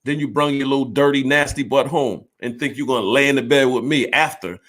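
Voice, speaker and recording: A fiftysomething man shares a candid personal story, fairly quick and fairly bright in tone, at a medium pitch. He's blunt, swears freely, and performs both sides of an argument himself.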